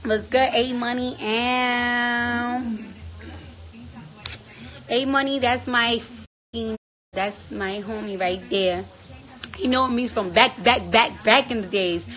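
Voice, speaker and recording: A woman talks on a casual livestream in a high, sharp, bright voice. She is loud, blunt and freely profane, and switches to soft cooing for her baby. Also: fairly even intonation, slow pace, pauses often, poor audio. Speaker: livestream host.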